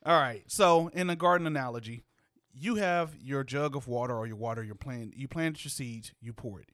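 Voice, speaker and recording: A man's voice: medium pitch, brisk, fairly bright tone, dry recording. Slangy, playful man, dry close sound. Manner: playful, slangy, laughs often. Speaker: podcast co-host. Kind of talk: casual chat.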